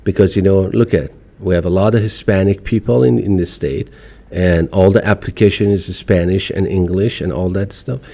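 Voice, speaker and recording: A man with an Iranian accent speaks as a podcast guest, his English broken but emphatic and outspoken. His voice sits somewhat low, with a dark, mellow tone. He talks in a casual conversational way. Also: steady tone, moderate pace, gravelly. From Iran. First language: Farsi.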